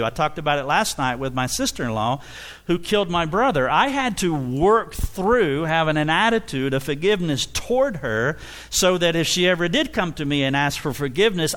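A man preaching to a congregation, his voice sitting a little high and swooping up and down with animation. He acts out short exchanges between people and breaks into laughter now and then. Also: fairly bright tone. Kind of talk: sermon.

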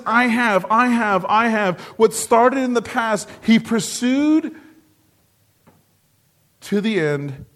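A man preaching a sermon earnestly, repeating phrases for emphasis and dropping low and soft on key words.

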